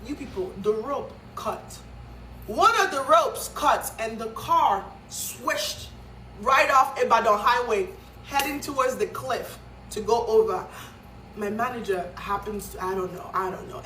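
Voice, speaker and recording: A woman's voice: fairly high pitch, a little slow, pushed and bright, a little hiss or hum. A woman from Nigeria telling a story in a vlog, dramatic and emphatic, with many fillers. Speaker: vlogger. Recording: echoey room, mic at a distance.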